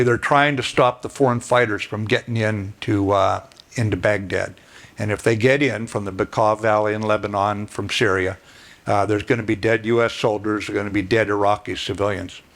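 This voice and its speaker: An older man giving a plainspoken, folksy storytelling speech as guest speaker, clearing his throat now and then. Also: on the low side, fairly bright tone. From United States.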